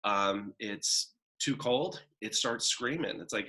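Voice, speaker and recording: A man's voice: lowish voice, measured pace, pushed and bright. A man teaching a college psychology lecture in a conversational way, often tagging points with "right?" and "kind of". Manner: acts out a demanding child's voice in examples. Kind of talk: recorded classroom lecture.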